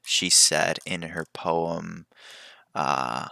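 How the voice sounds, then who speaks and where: Deep, bright-toned chatty man. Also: fairly even intonation, measured pace, creaky, clear, resonant tone, no room sound, studio quality. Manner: chatty, drifts into tangents. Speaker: podcast host. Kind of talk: casual rambling monologue.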